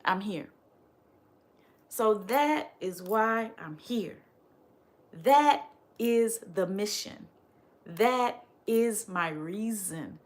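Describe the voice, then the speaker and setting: A woman speaking straight to her audience as a spiritual teacher, emphatic and repetitive, firing off rhetorical questions and dropping softly on her refrains. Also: medium pitch, lively intonation, drawn-out words, long pauses. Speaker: spiritual teacher and channel host. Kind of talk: direct-to-camera motivational talk.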